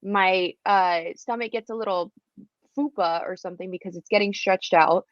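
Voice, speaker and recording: A woman's voice: medium pitch, moderate pace, no room sound. Blunt woman on a podcast, muffled sound. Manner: blunt, emphatic, speaks from a woman's point of view. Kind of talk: casual podcast discussion.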